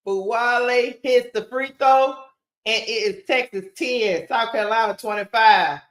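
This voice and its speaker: A woman with a voice on the high side hosts a live watch-party stream, calling a basketball game play by play. She's casual and animated, speaking straight to her viewers, and the recording has a roomy echo.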